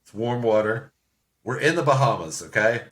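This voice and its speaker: A man's voice: medium pitch, lively intonation, moderate pace, a crowd in the background. A man co-hosting a casual movie review chat, joking, laughing often and swearing freely.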